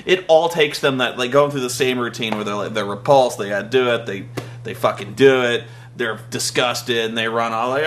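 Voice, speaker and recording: A man's voice: mid-range voice, normal speed, fairly bright tone. A man giving a profane, exasperated comedic rant as a wrestling show reviewer, mocking what he watched. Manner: exasperated, mocking, heavy swearing.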